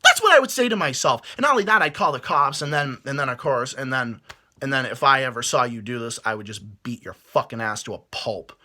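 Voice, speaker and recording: A man's voice: medium pitch, animated, fairly quick, pushed and bright. A man delivering a heated, profane rant to camera, stumbling over his words as he restarts sentences. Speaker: vlogger. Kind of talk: angry rant.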